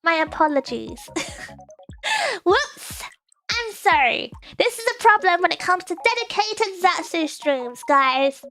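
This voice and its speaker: A woman's voice: very high voice, sing-song, takes it slowly, bright, forceful tone. A young woman hosting a casual live stream, teasing her chat playfully, laughing often and stumbling over her words. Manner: playful stammering restarts. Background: faint background music.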